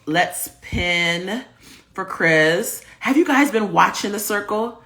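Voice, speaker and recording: A woman's voice: medium pitch, expressive, slow pace, a bit bright. A woman hosting a livestream show, hyped and playful as she greets viewers and reads out their comments over a video call. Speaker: host.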